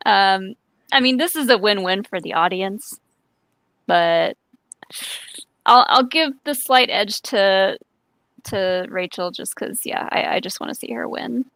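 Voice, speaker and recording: A woman's voice: medium pitch, unhurried, creaky, long pauses, a bit bright, dry recording. A young woman co-hosting a casual podcast chat, speaking hesitantly with many fillers. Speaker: podcast co-host. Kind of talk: casual live-stream chat.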